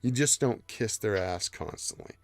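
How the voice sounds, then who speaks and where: Gravelly-voiced man hosting a livestream. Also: lowish voice, lively intonation, moderate pace, dry recording. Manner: rambling, loose and profane, reads chat aloud. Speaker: livestream host. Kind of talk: casual livestream chat.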